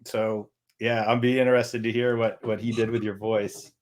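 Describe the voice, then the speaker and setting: A man co-hosting a casual livestream chat with an author, easygoing and quick with short affirmations. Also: fairly low pitch, level tone. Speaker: author co-host.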